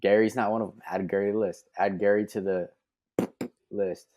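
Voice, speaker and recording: A young man co-hosting a casual reaction podcast, laid-back and halting, with jokes. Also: on the low side, little pitch movement, lo-fi sound. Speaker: podcast co-host.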